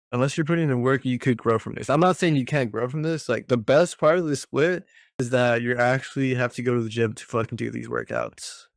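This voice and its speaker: A man's voice: mid-range voice, gravelly, no room sound, studio quality. A young man ranting casually about a workout split, profane and exasperated, full of slang. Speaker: fitness vlogger.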